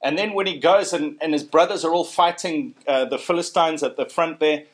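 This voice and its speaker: A man preaching a sermon in a church, telling a story in a chatty, animated way with frequent tag questions. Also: on the high side, moderate pace.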